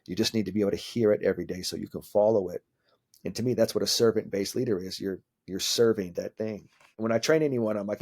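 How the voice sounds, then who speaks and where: A man in his forties, a mental skills coach, talking casually in an interview, animated and swearing freely as he acts out what people said. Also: medium pitch.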